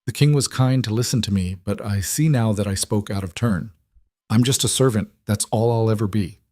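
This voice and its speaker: A man voicing a quiet, brave young female servant who speaks meekly and carefully. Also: fairly low pitch, moderate pace, no room sound, studio quality, lightly acted. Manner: meek and careful.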